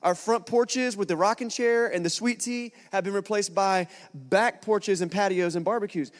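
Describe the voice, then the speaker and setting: A man in his thirties preaching a sermon, telling stories with lively acted-out quotes. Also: high-pitched, normal speed. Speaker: pastor. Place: church hall. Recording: long church hall reverb.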